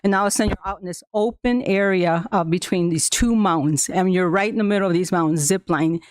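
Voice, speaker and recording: A woman whose first language is Spanish tells a school board about a trip. She talks haltingly, with fillers and restarts, and laughs often. Her voice is smooth and clear, and the recording is dry and close. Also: lowish voice, no echo. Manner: laughs often while telling a story. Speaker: school staff member addressing the board. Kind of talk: personal account at a public meeting.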